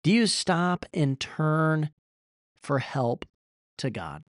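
A man's voice: fairly high pitch, big pitch swings, very slow, dry recording, studio quality. A young man from Iowa preaching a sermon, earnest and emphatic, his voice rising when he pleads. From Iowa, USA. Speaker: pastor.

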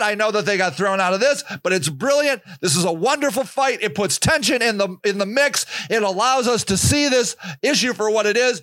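A man hosting his own podcast, ranting passionately and shouting rhetorical questions. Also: extremely high pitch, dry recording, studio quality. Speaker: podcast host and activist. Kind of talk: impassioned monologue.

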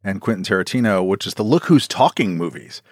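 A man's voice: on the low side, expressive, a little fast, dry recording, studio quality. A man in casual podcast chat, bantering wryly.

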